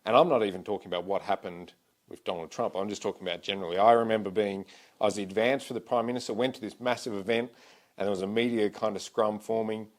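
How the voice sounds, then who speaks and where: A man co-hosting a podcast, recounting a security job in a brisk, emphatic conversational way. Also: on the low side, fairly even intonation. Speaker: podcast co-host. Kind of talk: casual conversation.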